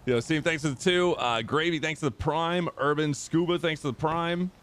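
A man's voice: on the high side, normal speed, a bit bright. A man streaming a role-play game, chatting casually in character and swearing freely.

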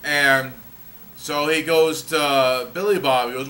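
A man's voice: medium pitch, fairly even intonation, a little slow, pushed and bright. A man hosting his own daily video diary, upbeat and jokey, recorded on a small camera's built-in mic. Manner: upbeat, jokey, sings a theme jingle. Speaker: vlog host.

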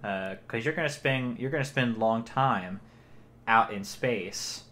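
A man's voice: mid-range voice, a little slow, bright, forceful tone. A man co-hosting a podcast in casual comedic banter, riffing earnestly and thinking aloud. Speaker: podcast co-host.

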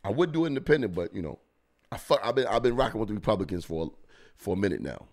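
A man's voice: on the low side, very animated, fast talker, a little mellow. A man hosting a podcast, giving blunt, profane comedic commentary as he reacts to videos. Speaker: podcast host.

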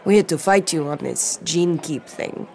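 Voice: medium pitch, normal speed, vocal fry, a little mellow, natural voice. A narrator doing a bellowing drunk mayor. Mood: ranting. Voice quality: bellowing, sneering. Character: angry drunken male small-town mayor. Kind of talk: audiobook narration.

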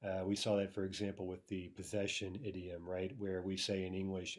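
Male teacher, low-ish pitch, patient explanatory lecture delivery. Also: flat delivery, brisk, few pauses. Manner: explanatory, frequent "right?" checks, some filler "uh". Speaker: language teacher. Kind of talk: recorded video lecture.

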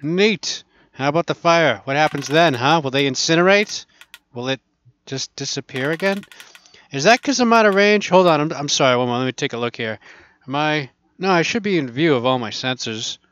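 A man's voice: on the high side, animated, normal speed, a bit bright, a little hiss or hum. A man casually commenting while he plays a VR archery game, chatting and laughing to himself as he goes. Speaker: gaming channel host.

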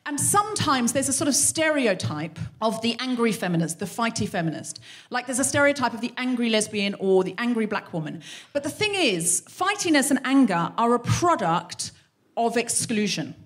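A woman hosting a live comedy podcast, delivering a profane, animated stand-up monologue on stage. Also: fairly high pitch, normal speed. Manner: profane, animated, acts out scenes. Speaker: podcast host. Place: live show on stage before an audience.

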